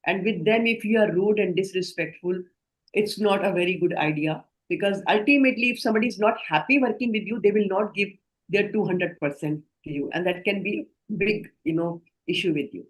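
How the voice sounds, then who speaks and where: Indian lady trainer doing a healthcare communication class, measured and explainy, keeps asking the group stuff. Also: mid-range voice, rough recording. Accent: Indian English. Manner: measured, explanatory, often asks the group questions. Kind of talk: online training lecture.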